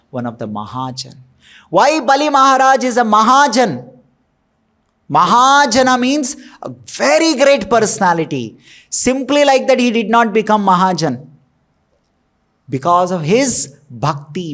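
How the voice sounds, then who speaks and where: A man's voice: sits high, a bit bright. A man preaching a devotional sermon, emphatic, posing rhetorical questions and answering them in short repeated phrases. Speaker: temple preacher.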